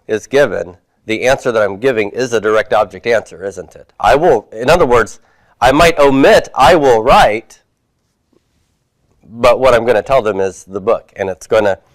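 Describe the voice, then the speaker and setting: A man's voice: fairly low pitch, no room sound. A man teaching a Hebrew class, reviewing homework and patiently asking his students questions before answering them himself.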